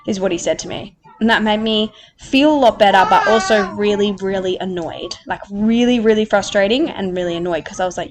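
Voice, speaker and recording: A woman's voice: medium pitch, normal speed, faint music behind. A woman in her late twenties hosting a podcast, telling a personal story candidly and emotionally, with many fillers and frequent swearing. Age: 20s. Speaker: podcast host.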